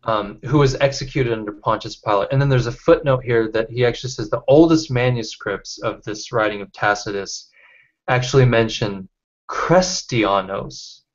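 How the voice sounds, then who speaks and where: A man leading a casual online study group, reading out chat comments and talking with halting restarts over a video call. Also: medium pitch. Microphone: computer mic on video call. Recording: dull lo-fi call audio.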